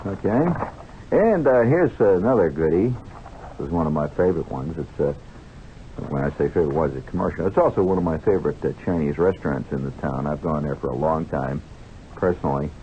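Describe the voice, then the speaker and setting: A man's voice: very deep voice, expressive, brisk. A man hosting a radio show, reading ads in a casual, wry monologue with joking asides. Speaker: radio host reading commercials. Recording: dull vintage radio broadcast with faint hiss.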